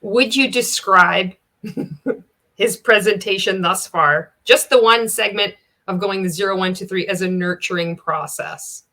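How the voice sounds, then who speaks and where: A woman's voice: medium pitch, measured pace, pushed and bright. A young woman hosting a reaction video, commenting sarcastically and with exasperation, swearing now and then. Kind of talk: casual commentary on a training video.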